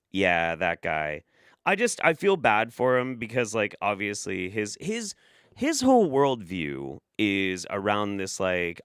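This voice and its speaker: A man's voice: lowish voice, huge pitch swings, moderate pace, fairly bright tone, clean tone, no room sound, studio quality. A man hosting a casual commentary show, sarcastic and rambling, swearing often. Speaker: host.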